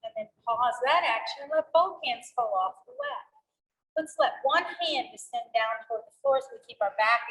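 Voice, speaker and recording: A middle-aged woman teaching a seated yoga class, calmly cueing each breath and movement. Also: sits high, rough recording. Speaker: yoga instructor. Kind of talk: guided chair yoga class.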